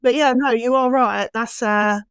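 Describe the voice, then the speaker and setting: A young adult woman hosting a casual podcast conversation about baby loss, speaking candidly and getting animated when frustrated. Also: a little high, moderate pace, clean tone, no echo. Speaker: podcast host.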